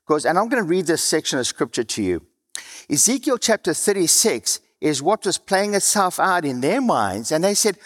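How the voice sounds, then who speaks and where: A man with a South African accent preaching a sermon in a conversational way, his voice dropping low and quiet at the ends of phrases, with a slightly dry mouth. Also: big pitch swings, normal speed. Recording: long hall reverb.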